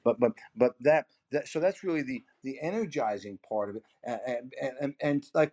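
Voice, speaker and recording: A man's voice: medium pitch, sing-song, a little fast, hardly any pauses, a little mellow. A middle-aged man talking sales on a podcast, emphatic and full of repeated words, his voice swinging up and down as he makes his points. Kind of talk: animated conversational podcast talk.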